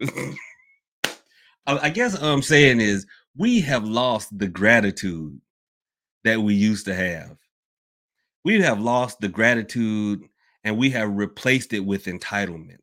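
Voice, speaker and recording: A man's voice: lowish voice, animated, takes it slowly, long pauses, a bit bright. A man hosting a casual podcast, rambling, repeating himself and calling his listeners y'all. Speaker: podcast host and hoodoo worker. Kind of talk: casual open-topic podcast talk.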